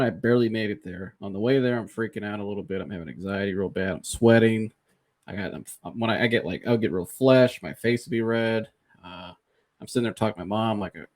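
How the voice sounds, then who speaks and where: A man hosting a podcast, casually and candidly retelling a personal experience in an animated, conversational way. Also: lowish voice. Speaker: podcast host.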